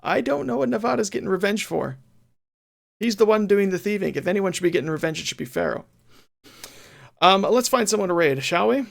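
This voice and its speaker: Gravelly man chatting on stream. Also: high-pitched, expressive, fairly quick, pauses often. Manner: chatty and playful, reads game text with mock drama. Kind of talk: casual game stream chat, reading game text aloud.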